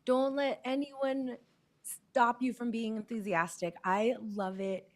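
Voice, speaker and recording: A woman offers warm, enthusiastic praise at a board meeting. She speaks at an unhurried pace. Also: fairly high pitch, steady tone. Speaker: school board member.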